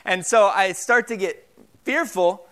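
Smooth-voiced young male pastor preaching. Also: sits high, measured pace, sharp tone. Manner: casual storytelling with frequent fillers. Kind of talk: sermon.

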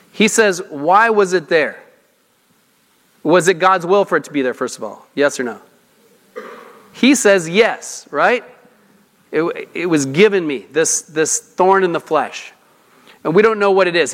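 A man's voice: fairly high pitch, fairly bright tone. A male pastor preaching a sermon in a conversational way, putting questions to the congregation and restarting his sentences often. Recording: reverberant hall.

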